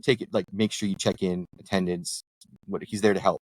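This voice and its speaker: A man's voice: deep voice, level tone, brisk, darkish tone, dry recording, poor audio. A middle-aged man, a local councillor, telling anecdotes in casual chat and jumping into voices when he quotes people. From Canada. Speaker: ward councillor, podcast guest.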